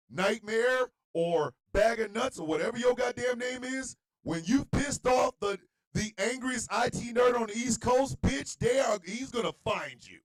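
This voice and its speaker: A man hosting an internet radio show, delivering a blunt, profane monologue rant that swings between low muttering and shouting. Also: a little slow, few pauses, poor audio.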